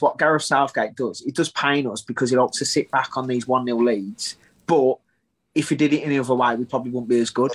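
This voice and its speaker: A man's voice: mid-range voice, slightly rough. A man, a guest on a football podcast, earnest and repeating words as he thinks. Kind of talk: casual chat, giving opinions.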